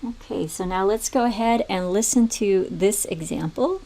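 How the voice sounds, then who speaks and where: A woman walks through a music theory lesson in a calm, step-by-step way. Her voice sits at an ordinary middle pitch, and she breaks into short sung rhythms to make a point. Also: moderate pace. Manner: calm, step-by-step explaining, sings rhythms aloud. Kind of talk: recorded video tutorial.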